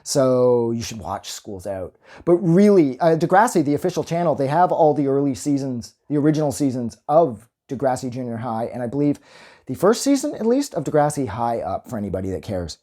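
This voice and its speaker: A man with a mellow, darker tone rambles through a casual film review. He gets excitable, swears freely and keeps wandering off on tangents while he talks. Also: mid-range voice, a little fast.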